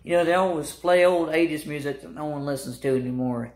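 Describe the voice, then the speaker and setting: A young man telling a mocking, animated storytime rant as a vlogger. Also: a little high, fairly quick, roomy sound. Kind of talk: ranting storytime vlog.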